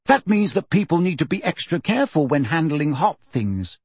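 A man reading an eager teenage schoolgirl in a raised, higher voice for an audiobook. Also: very animated, normal speed, a little mellow, breathy edge, no room sound, heavily acted.

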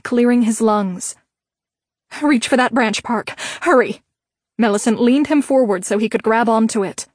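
Woman narrating an audiobook, highish dry voice. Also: dry recording. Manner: steady, measured storytelling. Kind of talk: scripted narration.

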